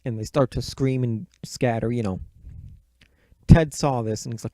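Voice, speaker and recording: A man's voice: mid-range voice, moderate pace, dark tone, no echo. A man casually recapping a movie plot in a rambling, profane, offhand way. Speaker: movie reviewer.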